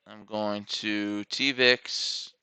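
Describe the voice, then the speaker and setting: A man talks through his trades in a slow, unhurried way, with a bright, very clear voice in a dry, close sound. He mutters to himself and corrects his own numbers as he places orders. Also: fairly low pitch, level tone, no room sound. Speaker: day trader streaming live trades. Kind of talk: live trading commentary, thinking aloud.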